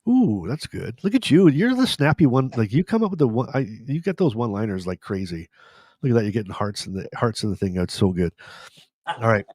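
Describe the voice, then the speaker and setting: A man's voice: mid-range voice, lively intonation, brisk, darkish tone, no room sound, clean studio sound. A man co-hosting a casual podcast, chatty and rambling, often restarting his sentences. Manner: rambling, with frequent restarts and fillers. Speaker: podcast co-host.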